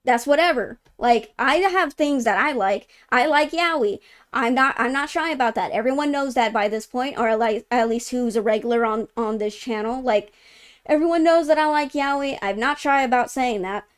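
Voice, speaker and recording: A woman's voice: fairly high pitch, moderate pace, clear, resonant tone. A woman co-hosting a gaming news livestream in casual chat, rambling with lots of "like" fillers. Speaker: co-host of a gaming news show. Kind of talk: casual live-stream chat.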